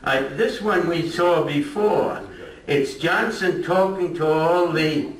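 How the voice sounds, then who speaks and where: Speaking slowly in a voice on the high side, an older man delivers a casual history talk to residents in a retirement community lecture room. He chats and jokes with his listeners, captured from afar in an echoey space.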